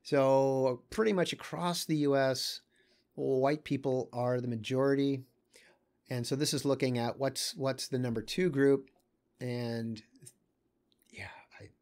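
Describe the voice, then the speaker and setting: A man, teaching casually and thinking aloud as he comments on maps, pausing often with fillers and small asides. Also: medium pitch, gravelly.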